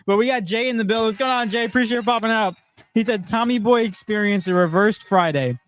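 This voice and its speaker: Upbeat high-voiced male podcast host. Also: fast talker, a little hiss or hum. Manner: upbeat, laughs often, talks to the chat. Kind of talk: casual sports chat on a livestream.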